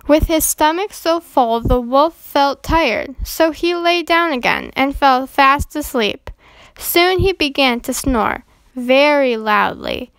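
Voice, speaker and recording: High-voiced woman reading a children's story. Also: animated, slow pace, vocal fry, fairly bright tone, no room sound.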